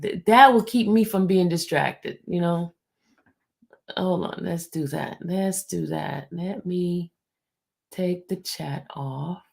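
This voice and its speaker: A woman hosting a livestream, speaking low and hushed, near a whisper, and answering her viewers in a blunt, defensive way. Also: takes it slowly, vocal fry. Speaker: livestream host. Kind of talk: livestream talk answering the chat.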